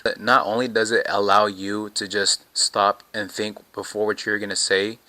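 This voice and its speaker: Male host of a casual explainer, slightly low and bright tone, dry sound, relaxed with lots of fillers. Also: dry recording. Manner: relaxed, frequent "you know" and "right?" fillers. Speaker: video host teaching communication. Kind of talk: casual self-help explainer.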